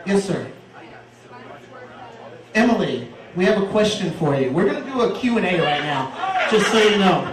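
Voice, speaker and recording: Loud high-voiced teasing comedy host. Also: male voice, big pitch swings, normal speed, pauses often. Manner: loud, teasing, profane crowd banter. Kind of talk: stand-up crowd work. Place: large comedy room with live audience. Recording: echoey room, far off, crowd noise.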